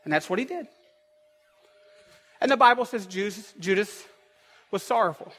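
A man's voice: sits high, expressive, normal speed, fairly bright tone. A man preaching a sermon as pastor in a church, with an emphatic, repetitive cadence. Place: church sanctuary. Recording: long echo of a large hall.

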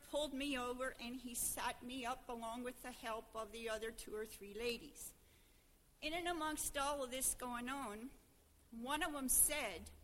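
Her voice is on the high side with a sharp edge as this older woman, Pennsylvania Dutch in accent, tells her congregation a homely story as her personal testimony at a church service. Faint hiss or hum runs through the audio.

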